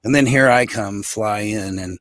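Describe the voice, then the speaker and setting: A man's voice: on the low side, moderate pace, no echo, clean studio sound. A middle-aged man from Montana, a guest on a podcast, telling a story with lots of energy and acting out the quotes. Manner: energetic, animated storyteller who acts out quotes. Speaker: podcast guest, pro arm wrestler. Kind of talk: casual storytelling interview.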